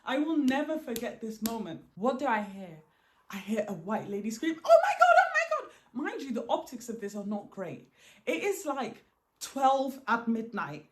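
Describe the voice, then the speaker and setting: A woman vlogger telling a dramatic first-person story in an animated, emphatic way, often repeating words for effect. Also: a little high, normal speed, slight background noise.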